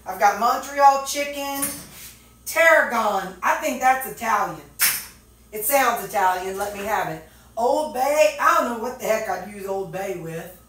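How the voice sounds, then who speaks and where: A woman's voice: fairly high pitch, expressive, a little slow, background noise. A woman, chatting casually and thinking aloud with lots of fillers as she organizes her home kitchen. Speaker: vlogger. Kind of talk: casual chat while organizing. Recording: very echoey room, mic at a distance.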